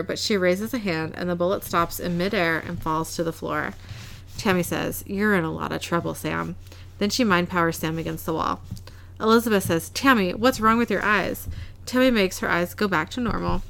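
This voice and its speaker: A woman's voice: lowish voice, moderate pace, vocal fry, fairly bright tone, a little hiss or hum. A woman casually recapping a TV episode, narrating scenes and quoting characters' lines, often laughing. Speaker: podcast co-host recapping an episode. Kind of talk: casual chat, reading scenes aloud.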